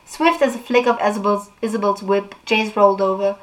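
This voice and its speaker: A woman's voice: mid-range voice, steady tone, a little fast, rough recording. A woman book vlogger recapping a plot in casual chat, with fillers, and reading a novel aloud.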